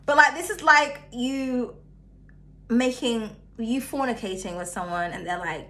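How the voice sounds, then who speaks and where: A young woman talks through a tarot reading in a loose, chatty way. Her voice sits high and bright, and it jumps between loud bursts and hushed asides. She laughs often as she goes. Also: measured pace. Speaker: tarot reader.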